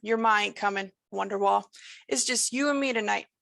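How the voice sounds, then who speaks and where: A woman gives voice to a menacing male entity who drawls in lilting, sing-song spirals. His folksy, rambling lines carry a gravelly edge. The sound is dry and close. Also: medium pitch, moderate pace, a bit bright, dry recording. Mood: lilting, creepy.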